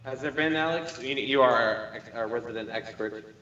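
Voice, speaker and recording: A man's voice: mid-range voice, moderate pace, bright, forceful tone, slight background noise. Chatty man on a distant, echoey mic. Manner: chatty, quotes films with laughter. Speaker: podcast co-host. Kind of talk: casual chat. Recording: roomy, distant, dull lo-fi mic.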